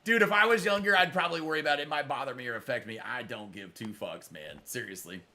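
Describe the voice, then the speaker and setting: A middle-aged streamer talks fast in a sharp, mid-range voice while playing live, calling his viewers brother and bluntly cursing out trolls. He's near his microphone, with slight background noise in the recording.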